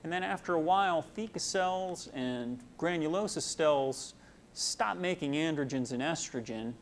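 A young man, a medical student, giving a casual explanatory lecture full of homely analogies and frequent pauses with "uh". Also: fairly high pitch, expressive, slight background noise.

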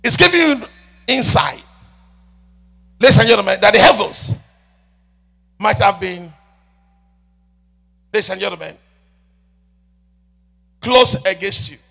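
High, gravelly preaching man, shouting. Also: lively intonation, slow, long pauses. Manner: swings between shouting and soft murmured prayer; repeats "ladies and gentlemen" often. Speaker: prophet preaching. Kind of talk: sermon.

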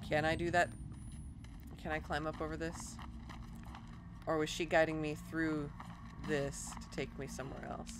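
Young woman let's-player with a lowish voice, mutters then panics, game audio loud behind her. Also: flat delivery, normal speed, long pauses, background noise. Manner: jumpy, talks to herself, swings from mutters to loud panicked outbursts. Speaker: let's play host. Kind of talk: casual gameplay commentary.

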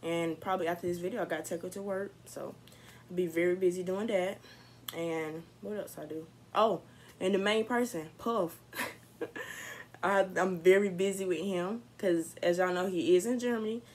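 A young woman talks to her camera in a chatty, candid, upbeat way. Her voice sits a little low for a woman. A faint hiss runs under the recording. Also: moderate pace, rough recording. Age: young adult. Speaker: vlogger. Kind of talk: casual vlog talk to camera.

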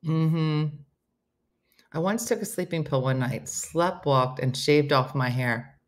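A woman's voice: low-pitched, takes it slowly. A woman hosting a comedy morning show, reading listener stories aloud with playful banter.

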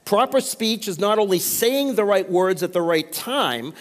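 In a church sanctuary, a pastor preaches a sermon and calls for amens from the congregation between points. His voice sits high with lively intonation and a measured pace, and the hall's long reverb surrounds it.

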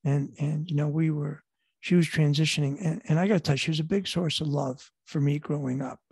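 A man's voice: fairly high pitch, fairly even intonation, brisk, a little mellow, dry recording. A middle-aged man from Buffalo, New York, with a Western New York accent, telling a heartfelt personal story as a guest speaker, rambling and repeating himself earnestly. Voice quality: gravelly, husky voice.

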